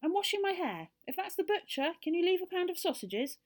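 A woman voicing Silky, a sweet young female fairy with a high, friendly voice. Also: very animated, fairly quick, slightly rough. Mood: calling out. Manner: high, bright, friendly calling.

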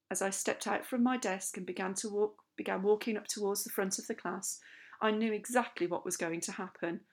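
A woman reads a children's novel aloud as first-person narration. Her delivery is lively and expressive, with a steady, clear storytelling tone. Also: medium pitch, a little fast. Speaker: audiobook narrator.

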